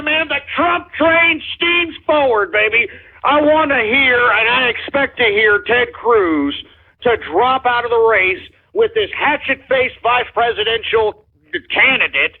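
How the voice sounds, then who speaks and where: A radio host rants in an excited, fired-up way, piling on repeated phrases and curses. His voice sits very high and sounds husky and worn. It comes through a narrow, tinny phone-like line. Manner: fired-up, shouty, swears and repeats himself. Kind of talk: excited call-in radio rant.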